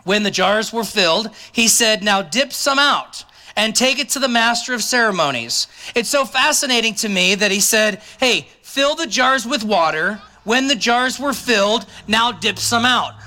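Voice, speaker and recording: A man's voice: sits high, animated, normal speed, sharp tone. A man preaching a sermon as a pastor, talking conversationally and dropping joking asides to the congregation.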